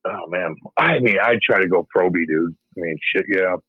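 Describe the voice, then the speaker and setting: A man's voice: sits low, normal speed, slightly rough, no room sound. Blunt, swearing man with dull dry sound. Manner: blunt, swearing often, laughing, acting out quotes. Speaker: former hockey enforcer guest. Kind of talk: casual profane interview chat.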